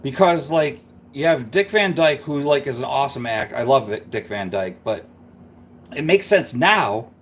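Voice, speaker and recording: A man's voice: medium pitch, animated, moderate pace, slight background noise. A man hosting a live stream, chatting casually and rambling through a story. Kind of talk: casual chat.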